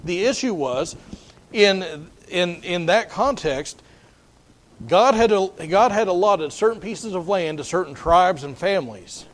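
Male preacher, high-pitched, folksy storyteller who restarts his sentences a lot. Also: animated, measured pace. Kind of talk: sermon.

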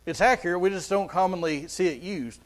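High-voiced man preaching. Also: a little fast, a little hiss or hum. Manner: earnest preaching with frequent repeated words. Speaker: pastor. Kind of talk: sermon.

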